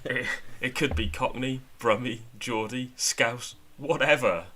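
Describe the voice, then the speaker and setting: A man's voice: medium pitch, measured pace, sharp tone. A man co-hosting a casual political podcast, talking with wry, sardonic mockery. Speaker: podcast co-host.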